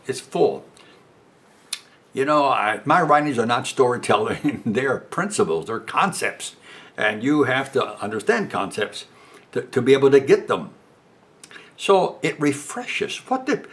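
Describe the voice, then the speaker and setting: A man's voice: medium pitch, fairly bright tone. An older man preaching a sermon, emphatic and acting out quoted voices as he talks back to them.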